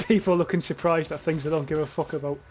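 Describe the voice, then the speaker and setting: A man's voice: a little high, fairly even intonation, fast talker, a little mellow. Sweary rambling young man. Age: young adult. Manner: rambling, sweary, laughs often, reads chat aloud. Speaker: streamer. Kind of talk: casual livestream commentary while playing.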